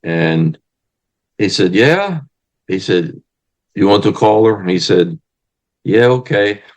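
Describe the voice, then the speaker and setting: A man's voice: low-pitched, slow pace. A man, a wrestling manager and historian, telling stories casually in an interview and acting out the people he quotes. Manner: animated storyteller acting out quoted voices loudly.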